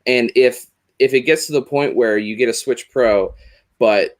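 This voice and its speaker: A man hosting a casual gaming podcast, thinking out loud in a rambling way, full of "like" and "you know". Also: medium pitch, a little slow. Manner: thoughtful, rambling, with many fillers like "like" and "you know". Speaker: podcast host. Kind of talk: casual chat.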